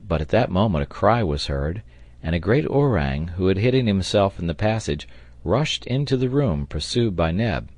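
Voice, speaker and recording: A man narrating an audiobook in a steady, even storytelling manner on a close mic. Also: low-pitched, moderate pace, dry recording. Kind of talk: scripted narration.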